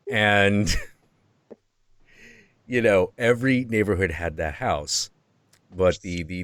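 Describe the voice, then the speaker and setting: Deep-voiced man musing slowly. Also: pushed and bright, no echo. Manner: slow, reflective, musing with many pauses. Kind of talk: casual chat.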